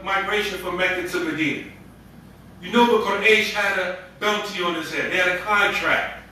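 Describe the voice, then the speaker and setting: A man's voice: high-pitched, bright, forceful tone, very echoey, recorded from a distance, slight background noise, low-quality recording. A man giving a Ramadan sermon as an imam, telling stories in a conversational way with street slang.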